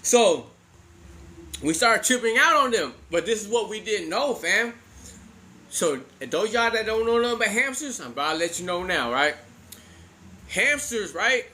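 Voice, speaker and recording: A man's voice: high-pitched, lively intonation, normal speed, pauses often, sharp tone. A man in his forties telling a funny childhood story in casual, profane slang, laughing often as he goes.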